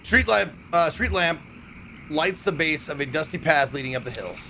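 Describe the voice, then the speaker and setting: A man's voice: fairly high pitch, lively intonation, moderate pace, vocal fry, pushed and bright, slight background noise. Chatty young guy streaming a game. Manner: chatty, reads game text aloud, muses to viewers. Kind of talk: casual let's-play commentary.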